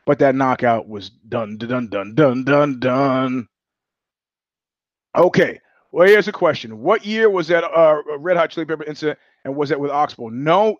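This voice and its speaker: A man's voice: medium pitch, dry recording, highs cut off. Blunt, profane man telling stories. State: sweating. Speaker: podcast host. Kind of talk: casual monologue.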